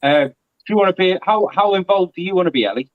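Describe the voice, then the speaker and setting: A man talks in a lively, chatty way, his voice sitting a little high. He is on a video call, and the sound comes through muffled and lo-fi with no room echo. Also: fast talker. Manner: chatty and animated. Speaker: guest. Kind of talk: casual live-stream chat.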